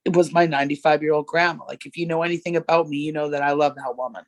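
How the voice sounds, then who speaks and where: A woman's voice: deep voice, fairly even intonation, racing, no echo. A woman from Canada talking as a podcast guest over a video call, joking bluntly and swearing freely. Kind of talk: casual chat.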